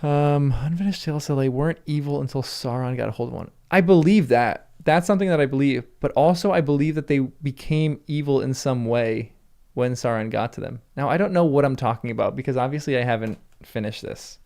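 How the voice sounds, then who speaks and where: A man's voice: mid-range voice, a little fast, creaky, darkish tone. A man hosting a livestream, chatting casually and answering viewers' comments, laughing often. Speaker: livestream host.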